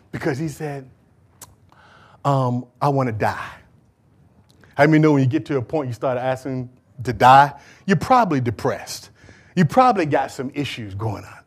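A male preacher with a high, husky voice tells a Bible story in a lively, conversational sermon, acting out the biblical figures. He shifts between raised, urgent lines and hushed asides.

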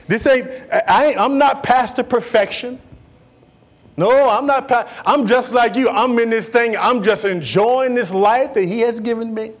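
A man preaching a sermon as pastor, animated and folksy, swinging between loud and hushed delivery with playful asides to the congregation. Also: very high voice, normal speed.

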